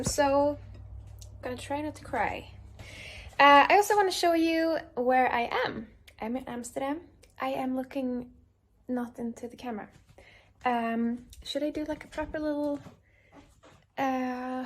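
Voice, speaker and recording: Young woman vlogger, slightly high voice, rambling and self-deprecating, talking casually to camera indoors in an apartment. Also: a bit bright, a little hiss or hum. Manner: rambling and self-deprecating, many fillers and restarts. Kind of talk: casual vlog chat.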